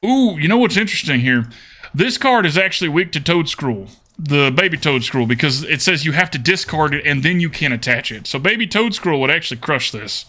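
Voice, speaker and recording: Young guy streaming a card game, kinda high voice, talks to himself a lot, lots of hmms and okays. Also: lively intonation, a little fast, sharp tone. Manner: thinks aloud with murmured hmms and repeated okays. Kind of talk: casual live gameplay commentary.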